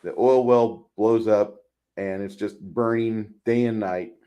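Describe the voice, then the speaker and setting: Speaking slowly in a mellow, lowish voice with a steady tone, a podcast co-host talks casually about a movie. He rambles, says words over again, and performs lines from it.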